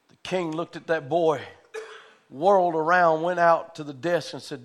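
A man's voice: on the high side, steady tone, moderate pace. A man preaching a sermon in a church, telling a story with fervent conviction.

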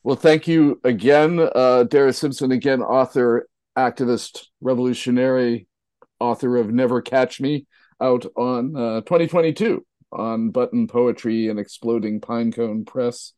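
A male radio host thanking and questioning a guest, appreciative and halting. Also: mid-range voice, darkish tone, no echo. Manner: appreciative, halting with fillers and restarts. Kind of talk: radio interview. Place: radio studio.

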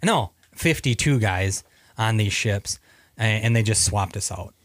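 A man's voice: fairly low pitch, expressive, measured pace, a bit bright, no room sound. A man from Minnesota, a Navy veteran guest, telling stories casually with many fillers and restarts. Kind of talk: casual storytelling interview.

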